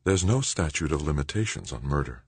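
Male narrator playing a icy, husky, low-voiced avenger, flat delivery, dry close read. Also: brisk, dry recording, full character voice. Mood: cold. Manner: cold, hushed, flat. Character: cold vengeful bitter woman.

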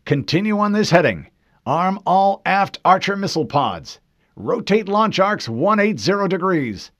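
A man voicing a stern male starship commander who gives clipped, loud orders in a raised voice. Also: high voice, sing-song, a little slow, no room sound, clean studio sound, voice pushed up, heavily acted. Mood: commanding.

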